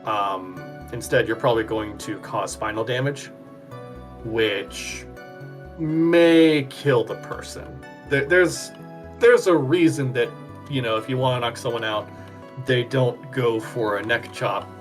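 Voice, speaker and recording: A man's voice: mid-range voice, slow pace, faint music behind. A man streaming, chatting casually with dry jokes and explaining things. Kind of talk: casual chat during a game voice-over.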